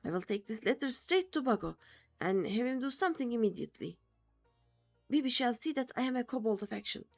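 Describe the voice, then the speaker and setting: A woman's voice: fairly high pitch, animated, a little fast, soft background music. A woman voicing a lovesick, dramatic male kobold leader who piles up synonyms. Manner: theatrical, strings synonyms together.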